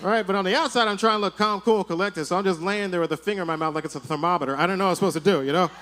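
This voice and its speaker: A man doing a stand-up comedy set for a live audience, telling animated stories and tagging his lines with "right?". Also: high-pitched, racing.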